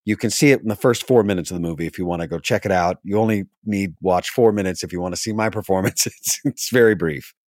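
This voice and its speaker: A man, an actor, telling a casual anecdote from a film set, animated and quick to laugh. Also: low voice, no room sound. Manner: animated, laughs often, mimics others' voices. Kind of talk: casual storytelling.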